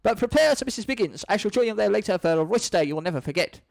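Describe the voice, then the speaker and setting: A man's voice: high-pitched, animated, very fast, vocal fry, no echo, pitched above the performer's own voice. A man reading a screenplay aloud, voicing a pompous, proud old male lexicographer who speaks grandly and indignantly. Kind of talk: screenplay read-through.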